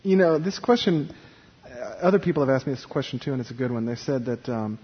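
A man's voice: mid-range voice, lively intonation, fast, husky, dull audio. A man who is a Buddhist priest, answering an interview question in an easygoing way, thinking aloud.

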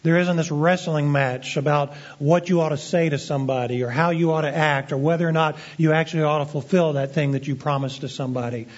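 A man preaching a sermon as pastor, earnest and deliberate, slowing down to stress key phrases. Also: fairly high pitch, steady tone. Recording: dull lo-fi sermon recording.

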